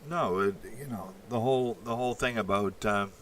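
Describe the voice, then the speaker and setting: A Canadian man hosts a casual livestream, reading chat messages aloud and answering them in a lowish yet bright, forceful voice. His speech wanders with many halting restarts. A faint hiss sits behind him.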